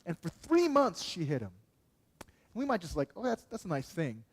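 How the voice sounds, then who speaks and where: Pastor with a fairly high male voice. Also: wildly swooping pitch, normal speed, breathy edge. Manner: conversational preaching, asks the congregation questions, frequent "okay". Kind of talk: sermon. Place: church.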